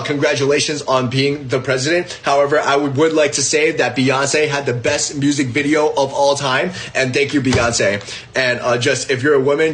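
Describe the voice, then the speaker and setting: Halting man speaking with many pauses. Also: medium pitch, fairly bright tone, a little hiss or hum, rough recording. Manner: halting, full of pauses and fillers. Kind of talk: casual spoken message to camera.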